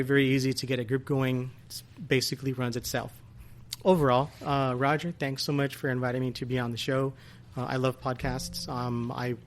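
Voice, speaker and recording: A man who is a guest on a podcast, giving earnest thanks and a plug while stumbling a little over his words. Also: medium pitch. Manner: earnest, a bit halting. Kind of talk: casual chat, giving plugs and thanks.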